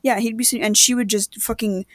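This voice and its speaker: A young woman telling a profane, animated story to her friends in casual chat, often acting out other people's lines. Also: fairly high pitch, quick pace, no echo, clean studio sound.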